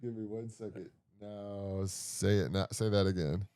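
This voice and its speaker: A man's voice: fairly low pitch, fairly even intonation, measured pace, dark tone, clear, resonant tone, no room sound, clean studio sound. A man co-hosting a comedy podcast, joking crudely with restarts and frequent laughter. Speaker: podcast co-host. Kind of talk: crude casual banter.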